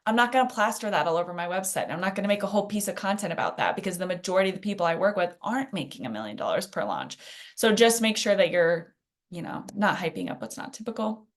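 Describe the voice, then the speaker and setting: A woman's voice: mid-range voice, big pitch swings, fast. A woman presenting a live workshop in a chatty, conversational way, full of fillers and asides. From Phoenix. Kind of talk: casual teaching in a live workshop.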